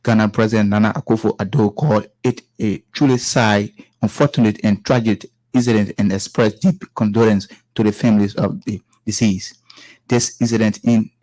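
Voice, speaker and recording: A man reads the news in a fairly low voice. He halts and restarts words as he goes. The sound is dry and close. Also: fairly even intonation, darkish tone, no echo, low-quality recording. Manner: halting read with restarts. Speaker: newsreader. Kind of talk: scripted news reading.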